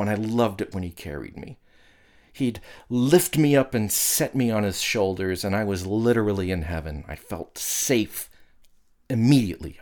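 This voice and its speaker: A middle-aged man delivering a sermon as a pastor, earnest and conversational, reciting prayers and scripture. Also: on the low side.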